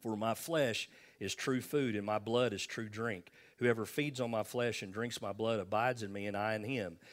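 An older man preaching from the pulpit with a low voice. He talks to the congregation like old friends, with folksy asides and repeated phrases for emphasis. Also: normal speed. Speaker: pastor. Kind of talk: sermon.

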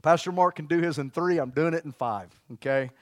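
High-voiced preacher, dry close sound. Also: male voice, fairly quick, dry recording. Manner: energetic, exclamatory, leads call-and-response. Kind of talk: sermon.

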